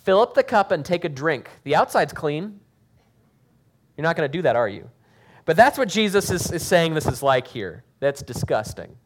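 Man preaching with sudden shouted woes. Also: a little high, very animated, normal speed. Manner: dramatic scripture reading with shouted emphasis, then casual joking explanation. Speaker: pastor. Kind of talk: sermon.

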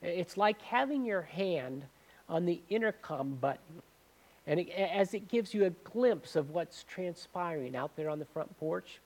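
A man's voice: high-pitched, lively intonation, measured pace. A man preaching as a pastor, conversational and asking his congregation questions. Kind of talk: sermon.

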